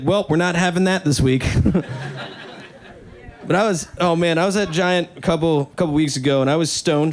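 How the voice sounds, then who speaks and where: Male stand-up comic from New York, casual and self-mocking, a bit higher pitched. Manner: casual, profane and self-mocking, with many "like" fillers. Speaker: stand-up comedian. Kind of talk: stand-up storytelling.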